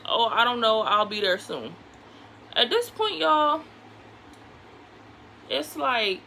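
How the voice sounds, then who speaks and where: A woman vlogger chatting through a storytime while she does her makeup, animated and candid, acting out the people in her story and swearing casually. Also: on the high side, creaky, slight background noise, low-quality recording. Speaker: beauty vlogger.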